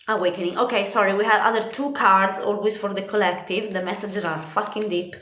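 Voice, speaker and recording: A woman's voice: mid-range voice, a bit bright. A woman from Italy giving a casual spiritual card reading, chatty and laughing often, swearing freely. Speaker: tarot card reader. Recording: echoey room.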